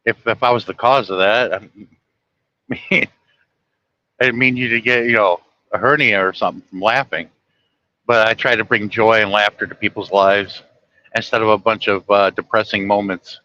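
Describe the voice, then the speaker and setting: A middle-aged man from the United States casually telling anecdotes, chuckling often and getting animated when he quotes other people. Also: lowish voice, moderate pace, dull audio. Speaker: trucker telling stories. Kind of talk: casual storytelling monologue.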